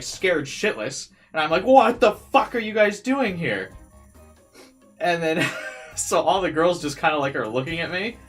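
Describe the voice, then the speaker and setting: Young male streamer, casual storyteller, mid pitch, lots of "like" and cursing, faint music under. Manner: animated, swears freely, many fillers.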